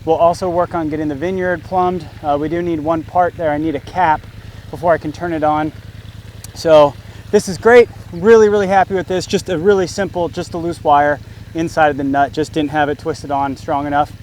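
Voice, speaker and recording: A man's voice: a little high, flat delivery, a little fast, a little mellow, slight background noise. A man casually narrating a do-it-yourself job outdoors, thinking aloud as he works and chatting to his dog. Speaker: DIY homesteading vlogger. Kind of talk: casual how-to narration while working. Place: outdoors in an orchard.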